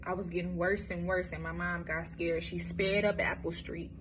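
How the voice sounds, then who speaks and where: Against a noisy background, a young woman from Michigan tells the camera her life story with blunt candor and lots of profanity. Her fairly low voice barely moves in pitch, and she keeps stopping and restarting.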